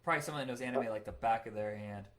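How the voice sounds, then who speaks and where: A man's voice: fairly low pitch, a bit bright. A man co-hosting a casual podcast, thinking aloud and correcting himself as he talks about old cartoons. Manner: quick-talking, musing aloud with self-corrections. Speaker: podcast co-host. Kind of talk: casual chat.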